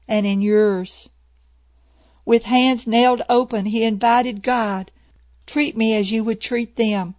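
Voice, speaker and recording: A woman reads a devotional passage in a slow, deliberate, solemn way. The sound is dry and close, with no room around it. The recording is slightly dull and lo-fi. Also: on the high side, a little mellow, no room sound. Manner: slow, measured, solemn delivery. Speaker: devotional reader. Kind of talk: scripted devotional narration.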